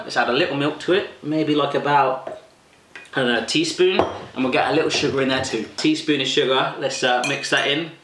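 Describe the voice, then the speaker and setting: Animated, jokey British man in an echoey room. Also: on the high side, a little hiss or hum. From United Kingdom. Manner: animated, jokey, exaggerated reactions. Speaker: food vlogger. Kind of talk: casual chat to camera.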